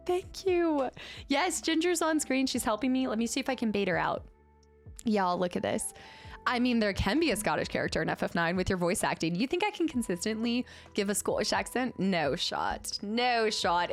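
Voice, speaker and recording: A young woman chatting casually on a livestream in a bubbly way, thanking viewers and cooing at her pet. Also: medium pitch.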